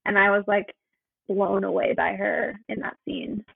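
A woman with a husky, gravelly voice retells film scenes with energy, putting on the lines of the characters. Her voice comes through thin and tinny, like a phone call. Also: mid-range voice, unhurried, no room sound. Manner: animated retelling, acts out lines. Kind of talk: casual film discussion.

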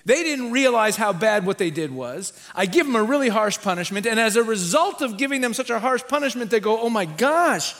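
High-voiced man preaching with lively emphasis. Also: fairly quick, hardly any pauses. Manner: animated teaching, acts out quoted voices. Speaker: rabbi preaching in a church. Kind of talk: sermon.

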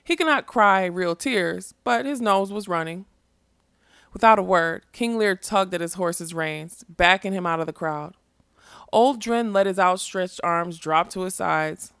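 A woman narrating a fantasy story in a steady, expressive reading. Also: lowish voice, a little slow, clean tone, no echo, studio quality.

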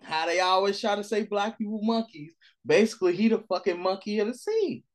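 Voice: medium pitch, expressive, a little fast. Blunt, sarcastic podcast co-host. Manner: blunt, sarcastic, laughs a lot, swears freely. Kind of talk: casual podcast chat.

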